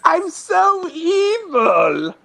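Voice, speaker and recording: A man putting on a squeaky hammy evil banker. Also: wildly swooping pitch, creaky, bright, forceful tone, heavily acted. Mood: gleeful. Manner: hammy, drawn-out whine. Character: silly evil banker, high squeaky villain.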